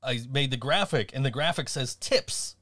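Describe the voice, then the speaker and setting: A man's voice: medium pitch, animated, moderate pace, a bit bright, no room sound, clean studio sound. A man co-hosting a casual podcast, laughing often and swearing casually. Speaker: podcast co-host. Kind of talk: casual chat.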